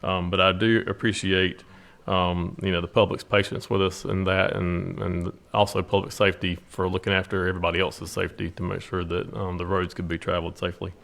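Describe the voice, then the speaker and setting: A city official giving his report at a council meeting in a measured way, with many filler ums. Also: low-pitched, level tone, gravelly, fairly bright tone.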